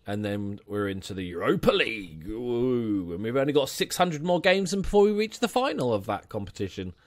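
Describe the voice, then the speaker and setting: A man's voice: medium pitch, sing-song, a little fast, dry recording. A young man commenting casually on his football management game, chatty and jokey, inventing nicknames for his players. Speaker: gaming channel host. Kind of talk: casual let's-play commentary.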